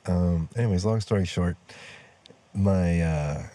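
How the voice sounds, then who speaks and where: A young man tells a story from his own life in a loose, conversational way, full of fillers and acted-out lines from other people. His voice sits low and deep, with a dark, mellow tone. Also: measured pace, faint music behind. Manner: conversational, rambling, with fillers and quoted dialogue. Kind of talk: casual personal storytelling.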